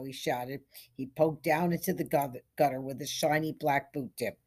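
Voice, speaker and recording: A woman reading a short story aloud as scripted narration, in a measured storytelling manner. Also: very deep voice, fairly even intonation, a little mellow, slightly rough. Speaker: story reader.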